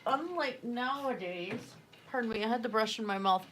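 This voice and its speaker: A woman's voice: mid-range voice, steady tone, very fast, a little hiss or hum. A woman chatting casually while she paints on a livestream, rambling with fillers and self-corrections. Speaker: artist livestreaming a painting session.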